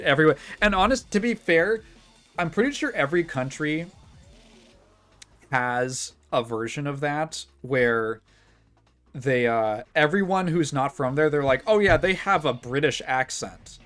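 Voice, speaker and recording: Fairly high in pitch and fairly bright in tone, a Midwestern American man chats casually as a streamer reacting to a video. He rambles, often restarts what he's saying, and laughs a lot.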